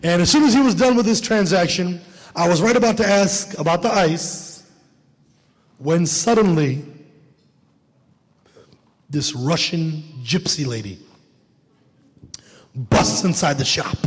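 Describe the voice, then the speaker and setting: A man doing stand-up comedy, telling a story in a lively way and acting out the people in it. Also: on the high side, measured pace, pauses often. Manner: lively storyteller, acts out characters. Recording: echoey hall.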